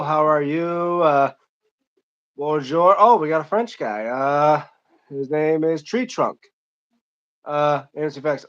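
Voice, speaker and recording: A man's voice: a little high, fairly bright tone, highs cut off. A young man from Michigan hosting an unscripted live stream, reading chat comments aloud and answering them in a rambling, casual way.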